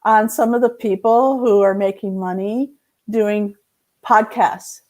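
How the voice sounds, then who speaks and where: A woman's voice: mid-range voice, steady tone, slow, darkish tone. A woman co-hosting a casual business chat, giving brief friendly reactions and laughing easily. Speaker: co-host of a business talk show.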